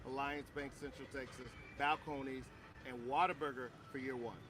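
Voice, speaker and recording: A man from Missouri hosting a casual livestream outdoors at a tailgate, upbeat and quick to laugh. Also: medium pitch, steady tone, a bit bright. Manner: upbeat, laughs often, thanks sponsors. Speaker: livestream host. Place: outdoor tailgate area beside a stadium.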